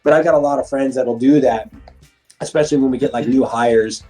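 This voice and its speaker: A middle-aged man, once a fighter and now a police instructor, tells stories in a casual, profane interview chat. He speaks briskly at medium pitch, animatedly acting out quotes, with soft background music behind him.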